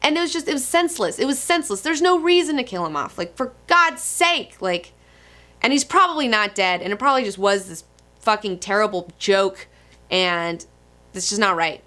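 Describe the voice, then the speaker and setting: A young woman giving casual comic book commentary in a gushing, excitable manner with frequent swearing. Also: mid-range voice, moderate pace.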